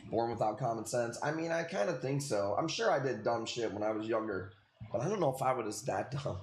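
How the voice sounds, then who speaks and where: Expressive and fairly quick, a medium-pitched man in his late thirties rambles through a story on his live stream, swearing a lot and saying "dude" over and over. The audio is reverberant with slight background noise.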